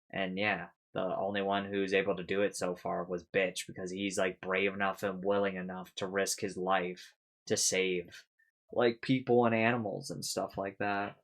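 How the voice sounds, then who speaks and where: A man with a slightly low voice talks his way through a casual recap of an episode. He rambles with plenty of fillers and swears freely, often laughing at his own jokes. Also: a bit bright. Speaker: reaction video host.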